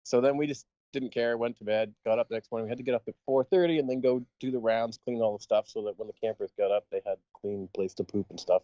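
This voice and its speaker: A man's voice: medium pitch, fairly even intonation, quick pace, hardly any pauses, dark tone, dry recording. A man tells a story in loose, rambling podcast chat, with restarts and laughter along the way. The sound is dry and a little dull, with no room around it. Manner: rambling anecdote, laughing often. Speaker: podcast co-host.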